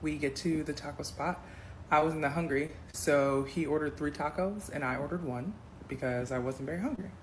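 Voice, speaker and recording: A woman telling a dating story in a casual storytime, addressing viewers as y'all with animated emphasis. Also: sits low, moderate pace, slight background noise, rough recording. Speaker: storyteller in a clip.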